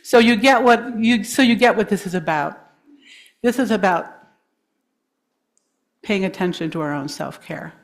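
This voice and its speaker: A woman with a mid-range voice addresses a congregation, leading a breathing and grounding exercise in a gentle, encouraging way. She laughs easily and warmly invites people to join in. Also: medium pitch, unhurried, pauses often. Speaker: guest speaker. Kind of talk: guided breathing exercise in a talk. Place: congregation hall.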